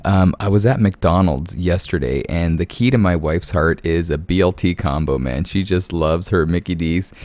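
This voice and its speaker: A man's voice: low voice, moderate pace, hardly any pauses, darkish tone, no room sound. A man hosting his gaming channel from home late at night, chuckling through casual commentary and keeping his voice down. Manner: easygoing, chuckling, peppers talk with "man"; keeps voice down so as not to wake the house. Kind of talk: casual game commentary and storytelling.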